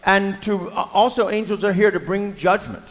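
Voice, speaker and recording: A man's voice: high voice, moderate pace, fairly bright tone. A man preaching a sermon, telling a Bible story in a conversational way with frequent fillers and voiced quotes. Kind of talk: sermon with scripture reading. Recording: long hall reverb.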